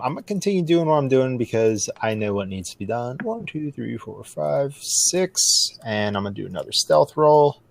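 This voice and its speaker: A man with a lowish voice plays his turn in a tabletop game, rambling casually and filling the gaps with "uh" and "like". The sound is dry and close. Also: no room sound. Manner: casual, rambling, with filler words. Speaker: player.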